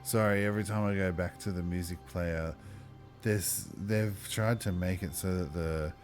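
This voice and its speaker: A man running a tabletop game as game master, chatty and thinking aloud, with lively exclamations. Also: deep voice, moderate pace, faint music behind.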